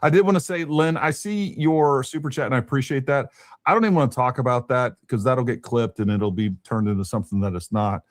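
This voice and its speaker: A male guest on a live stream, speaking bluntly in a mid-pitched voice. The sound is dry and close, with no room around it, and he reads viewer comments aloud as he talks. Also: fairly quick, no echo. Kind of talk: casual live-stream chat.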